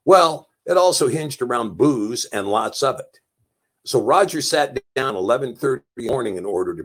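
Reading a novel as its narrator, a man delivers the story plainly and only lightly voices the dialogue. The scripted narration comes in a medium-pitched voice with a breathy edge.

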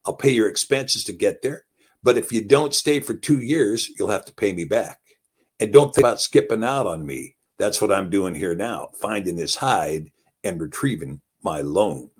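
Guy doing a rough husky cowboy with a drawl, brags and threatens, lowish voice. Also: lively intonation, normal speed. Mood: businesslike. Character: gruff flamboyant male cowboy prospector.

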